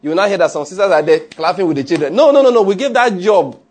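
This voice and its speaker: A man's voice: sits high, lively intonation, quick pace, breathy edge. A man preaching a conversational sermon, often checking that listeners follow.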